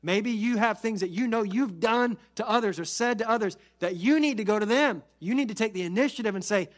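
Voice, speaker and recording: A pastor preaching a sermon with earnest conviction, building to emphatic peaks and then dropping soft and slow. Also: male voice, sits high. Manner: repeats key phrases, slows for emphasis.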